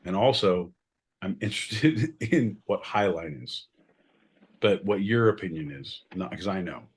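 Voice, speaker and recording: Man, podcast co-host, rowdy comic banter, fairly low voice, interrupts a lot. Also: lively intonation, a little slow, slightly rough. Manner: loud, joking, interrupting, swearing, jumping in pitch.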